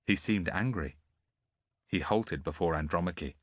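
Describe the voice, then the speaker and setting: A male narrator reads an audiobook in a deep voice with lively, shifting intonation. The recording is dry and close. His delivery is expressive and varied. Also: moderate pace, no room sound.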